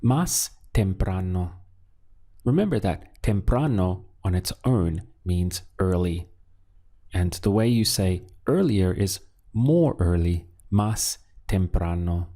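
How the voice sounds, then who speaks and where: Man, language teacher, slow, gravelly, dark husky voice, patient question-and-answer lessons. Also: sits low. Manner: patient, asks questions then gives the answer.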